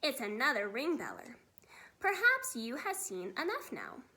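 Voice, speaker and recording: Gentle old giant, soft near-whisper, muddled grammar; storybook read-aloud by a woman teacher. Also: high-pitched, huge pitch swings, unhurried, exaggerated voice. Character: big friendly old male giant, gentle.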